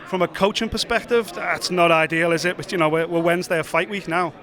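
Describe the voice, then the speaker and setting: Excitable high-voiced man hosting a vlog. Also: fast talker. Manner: chatty, excitable, sweary. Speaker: host. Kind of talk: casual walk-and-talk vlog.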